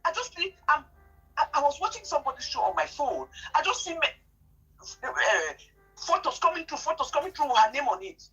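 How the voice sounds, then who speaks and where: A woman, telling an emotional personal story in an animated, indignant way, often repeating herself. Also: high-pitched, brisk, dull audio, faint music behind. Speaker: guest telling her story.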